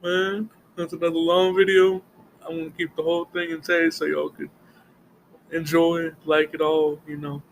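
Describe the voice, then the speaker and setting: A man's voice: fairly high pitch, little pitch movement, moderate pace, creaky, slight background noise, rough recording. A man hosting a reaction video, casual and laid-back, swearing and laughing along.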